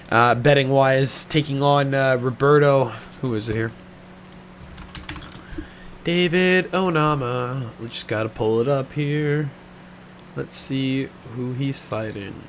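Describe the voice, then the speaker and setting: A man's voice: medium pitch, a bit bright, a little hiss or hum. A man giving casual sports betting talk in a blunt, profane, exasperated way, tired and yawning from a sore throat.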